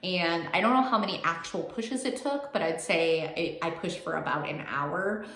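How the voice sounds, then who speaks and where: A woman's voice: lowish voice, normal speed, fairly bright tone. A young woman vlogger telling a personal story in a casual, chatty way, filling her speech with "like". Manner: chatty, heavy use of "like", emotional. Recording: echoey room.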